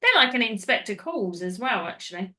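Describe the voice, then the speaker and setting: A woman's voice: a little high, big pitch swings, a little fast, pushed and bright. A woman hosting a podcast, recapping a film in casual, rambling chat that goes off on tangents. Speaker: podcast host.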